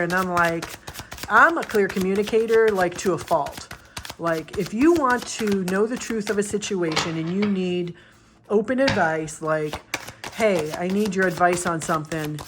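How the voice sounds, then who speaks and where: Blunt, animated woman reading tarot. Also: on the low side, background noise. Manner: blunt, animated, swears, acts out confrontations. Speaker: tarot reader and life coach. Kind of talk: casual tarot reading to camera.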